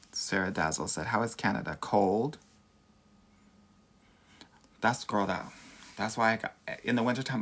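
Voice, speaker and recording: A man with a lowish, creaky voice and a fairly bright tone speaks in a Southern California Valley accent. He's a dating coach running a casual livestream Q&A, sassy and campy, calling everyone "girl."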